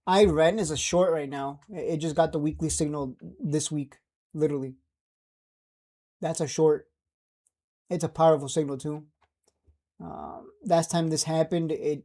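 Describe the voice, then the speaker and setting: A man's voice: on the high side, fairly even intonation, moderate pace, dark tone. A man streaming casual stock market commentary, brash and joking, often laughing at his own jabs.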